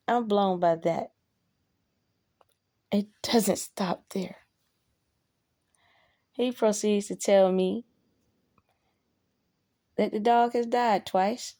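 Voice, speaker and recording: Gravelly, unhurried woman telling a story. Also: mid-range voice, dark tone, no echo, clean studio sound. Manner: blunt and profane, with emphatic outbursts. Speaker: vlogger telling a personal story. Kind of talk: casual storytelling.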